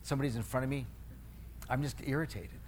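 A middle-aged pastor delivers a fast, steady sermon in a medium-pitched, darkish voice, with slight background noise. It's conversational storytelling laced with self-mocking humor, and he restarts and self-corrects mid-phrase.

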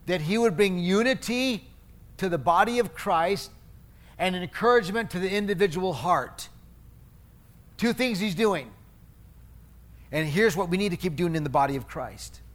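Middle-aged pastor guy giving a sermon, kinda high voice, tells stories on himself, keeps restarting his sentences. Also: moderate pace, long pauses, fairly bright tone. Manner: conversational preaching, storytelling with self-mocking humor; restarts and self-corrections mid-phrase.

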